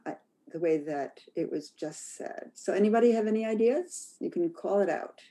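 Woman on a video call talking about emotions, mellow warm voice, thoughtful. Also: medium pitch, moderate pace. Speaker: workshop co-facilitator. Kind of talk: explaining in a video call workshop.

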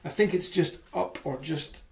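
A man in his forties with a Canadian accent, telling stories as a podcast guest in an animated, chatty way. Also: a little high, moderate pace, gravelly. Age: 40s. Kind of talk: casual chat.

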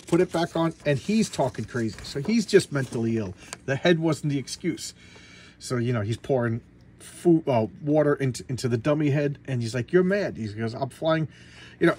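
A man's voice: fairly high pitch, lively intonation, fairly quick, darkish tone, slightly rough. A man casually retelling a comic book story in a vlog, rambling with many fillers and restarts. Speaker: comic book collector vlogger.

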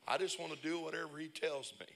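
A man preaching a lively, humorous sermon, telling stories and breaking into shouts. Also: a little high, quick pace, vocal fry. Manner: animated storyteller, bursts into shouts and laughs. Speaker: pastor. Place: church conference service.

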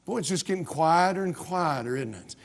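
This is a man's sermon in a church sanctuary: an American pastor with a voice on the high side, expressive and brisk. He keeps restarting sentences as he pushes forward in emphatic, mounting bursts.

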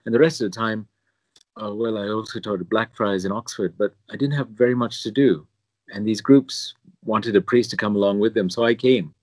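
A man's voice: fairly low pitch, brisk, no room sound. A man from Singapore with a somewhat posh British accent, a priest telling his story in an interview with self-deprecating chuckles. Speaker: priest, pilgrimage chaplain.

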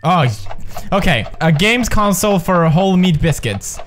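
Excitable young man yelling at a quiz game. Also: sits high, moderate pace, a little hiss or hum. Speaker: gaming video host. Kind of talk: let's play commentary.

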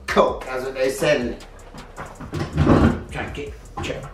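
A man's voice: mid-range voice, flat delivery, slow pace, heavy background noise. A man in his fifties talking casually to his vlog audience, upbeat and preachy, acting out little quoted exchanges. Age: 50s. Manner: upbeat, preachy pep talk with acted-out quotes. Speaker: vlogger. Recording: roomy, a bit distant, music behind.

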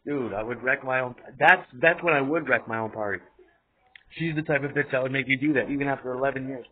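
A man's voice: mid-range voice, normal speed, breathy edge. Guy rambling and cussing, laughs a lot, sounds like an old phone recording. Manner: profane, laughs often, trails off. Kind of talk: rambling monologue. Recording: tinny phone-like audio, faint hiss.

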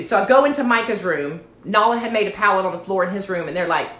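A woman, chatting to livestream viewers and telling a story, with lots of animated asides. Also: medium pitch, fast talker, few pauses. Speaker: network marketing livestream host. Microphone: phone or webcam livestream. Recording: echoey room.

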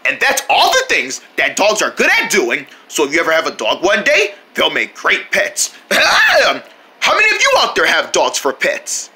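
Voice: mid-range voice, wildly swooping pitch, normal speed, bright, forceful tone. A children's show host narrating in a cheerful sing-song, talking straight to young viewers.

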